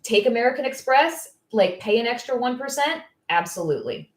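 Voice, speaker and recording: A woman coaching estheticians on business in casual live-stream talk, blunt, candid and quick to get fired up. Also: on the high side, expressive, reverberant. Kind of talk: casual live-stream advice, answering viewer comments.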